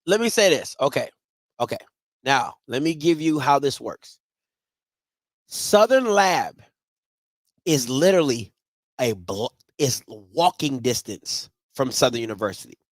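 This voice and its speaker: A man hosting a live sports talk show, ranting in a casual and profane way, dropping to low mutters and then rising to shouts. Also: lively intonation, measured pace, pauses often, dry recording.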